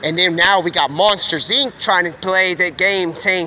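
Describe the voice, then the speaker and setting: A man live streaming outdoors, rambling excitedly in slangy talk as he jumps from one topic to the next. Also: sits high, unhurried, hardly any pauses, a little hiss or hum. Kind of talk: rambling stream-of-consciousness monologue.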